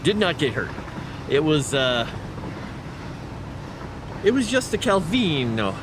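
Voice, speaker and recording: A man's voice: fairly high pitch, big pitch swings, slow pace, noisy background. A man streaming a video game at home in a casual chat, stopping to coo at his cat. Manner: chatty, coos and baby-talks to his cat. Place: home, indoors.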